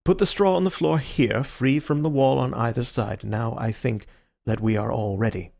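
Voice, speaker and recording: A man reads an audiobook, lightly acting the part of a gentleman detective who is calm, theatrical, measured and polite. His voice is mid-range with a touch of vocal fry.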